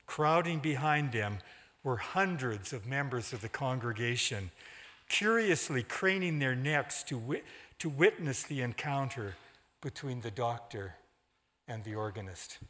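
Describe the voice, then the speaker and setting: A man reading a story aloud in a measured, dramatic way. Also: mid-range voice, animated, fairly bright tone. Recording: long hall reverb.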